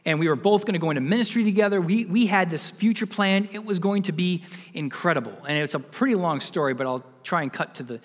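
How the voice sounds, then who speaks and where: A man's voice: sits high, fast, long reverb tail. A man in his forties, a pastor giving a sermon, telling a personal story and building to emphatic preaching.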